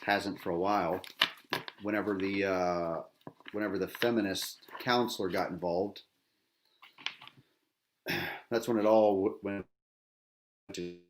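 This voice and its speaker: A man's voice: lowish voice, a little hiss or hum. A middle-aged man, a veteran host, angry and agitated, delivering a bitter, profane rant full of repetition and rhetorical "right?" tags.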